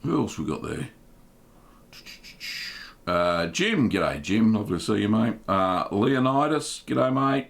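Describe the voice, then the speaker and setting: A middle-aged Australian man hosts a live stream in a relaxed, chatty way, greeting viewers by name with a cheerful "g'day, mate." His voice sits on the low side and has a gravelly, creaky edge. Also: unhurried, pauses often. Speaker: host of a live cheese-making Q&A stream. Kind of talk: casual live-stream chat.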